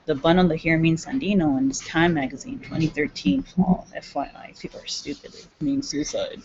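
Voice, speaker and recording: A woman's voice: deep voice, a little mellow. A woman talking to camera in a rambling, agitated monologue, jumping from one topic to the next. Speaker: self-described activist. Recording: dull lo-fi recording with clear background noise.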